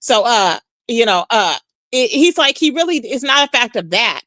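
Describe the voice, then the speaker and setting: Woman live streamer, high bright voice, chatty, dry close mic. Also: normal speed, dry recording. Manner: chatty, animated, says "child" often. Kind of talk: casual live-stream chat reading comments.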